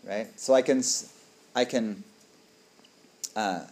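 A man's voice: lowish voice, takes it slowly, darkish tone, a little hiss or hum. A man, a dharma teacher, giving a reflective, conversational talk to a group and often asking "right?".

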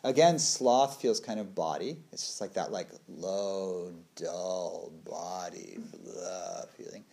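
A man's voice: low voice, takes it slowly, creaky, mellow. A man in his thirties giving a casual talk on meditation, laughing often and acting out little quoted voices. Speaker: meditation teacher.

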